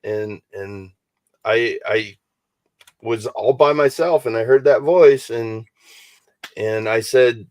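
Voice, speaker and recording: A man on a talk show tells his story in a calm, matter-of-fact way. His mid-range voice sounds dry and close. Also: mid-range voice, slow pace, pauses often, no echo. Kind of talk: casual chat.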